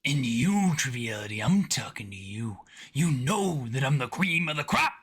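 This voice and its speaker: A smug boaster, voiced by a man in a husky half-whisper. The pitch swings widely as he gloats. He sits a little away from the mic. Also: very animated, normal speed, fairly bright tone, heavily acted.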